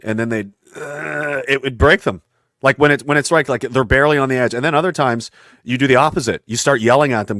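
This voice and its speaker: A man's voice: mid-range voice, fairly quick, fairly bright tone, dry recording, clean studio sound. A man talking in a casual conversation, intense and rambling, often acting out voices from his stories. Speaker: podcast guest.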